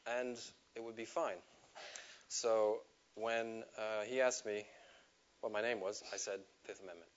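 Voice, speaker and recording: A man telling a personal story to a live audience, animated, laughing at himself and acting out the quotes. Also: mid-range voice, dull audio. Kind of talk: storytelling talk. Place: stage before a live audience.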